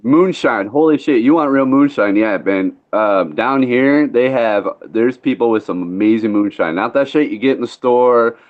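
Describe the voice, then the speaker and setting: A man's voice: mid-range voice, moderate pace, few pauses. Laid-back rambling male storyteller, lo-fi. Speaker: podcast host. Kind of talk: casual storytelling chat.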